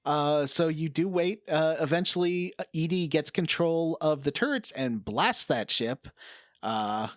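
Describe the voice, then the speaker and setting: A man's voice: fairly high pitch, animated, measured pace, no room sound, studio quality. A man co-hosting a casual gaming chat, recapping the story and laughing often. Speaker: podcast co-host.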